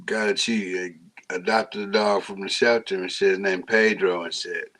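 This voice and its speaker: A man's voice: low-pitched, fairly even intonation, moderate pace, a bit bright. Man telling a story in a casual chat. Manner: acts out quotes in funny voices.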